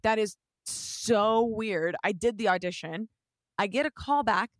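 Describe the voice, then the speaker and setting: A young woman in her twenties, co-hosting a casual chat and telling a story with lively acted-out quotes. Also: mid-range voice, unhurried, dry recording. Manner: animated storytelling, acting out quotes.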